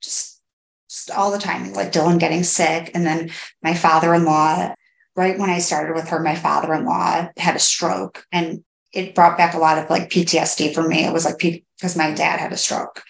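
Low gravelly woman, echoey room. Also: level tone. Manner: halting, many "like" fillers and restarts. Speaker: podcast guest. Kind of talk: candid personal interview.

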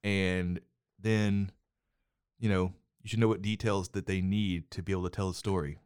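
A man's voice: low-pitched, flat delivery, moderate pace, darkish tone, clear, resonant tone. A middle-aged man co-hosting a movie podcast with his son, chatting casually in a teasing, bossy way and laughing often. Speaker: podcast co-host, father. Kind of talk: casual chat about movies and TV. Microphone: headphones and studio mic.

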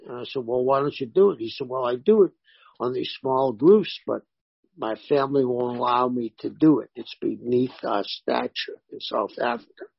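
A man, a former pro wrestler, telling animated stories in a casual interview and voicing the people in them. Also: medium pitch, moderate pace, vocal fry, breathy edge, dry recording, highs cut off. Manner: animated anecdotes with voiced quotes.

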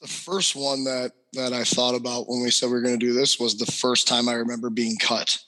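A man's voice: mid-range voice, little pitch movement, fairly quick, sharp tone. A young adult man and hockey trainer, co-hosting a podcast and telling a personal story animatedly, with many fillers. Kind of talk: casual storytelling.

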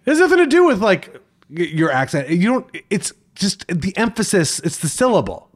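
Exasperated man, very animated voice. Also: sits high, normal speed. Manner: insistent, exasperated arguing. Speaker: podcast guest. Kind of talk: casual podcast chat.

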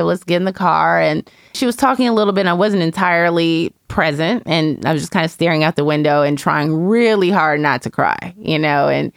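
A woman's voice: low voice, vocal fry, no echo, studio quality. A woman in casual conversation, candidly and reflectively telling a personal story as a mother, with lots of "you know".

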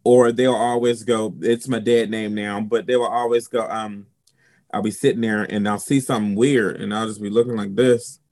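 A man's voice: fairly low pitch, moderate pace. A man from South Carolina with a Southern US accent, a drag performer telling stories in an interview with sass and flair. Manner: sassy, expressive, sprinkles in "honey" and "girl". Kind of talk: candid storytelling interview.

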